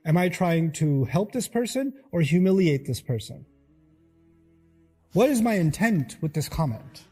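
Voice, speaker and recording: A man's voice: a little high, sing-song, a little slow, darkish tone, slightly rough, faint music behind. A man giving an earnest, emphatic sermon-style lecture to listeners. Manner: earnest, emphatic, acts out quotes. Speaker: religious lecturer.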